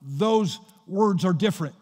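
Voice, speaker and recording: A man's voice: high-pitched, unhurried, a little mellow. A man preaching a sermon as pastor, retelling Bible scenes in a storytelling way, recorded in a church sanctuary with a long reverb.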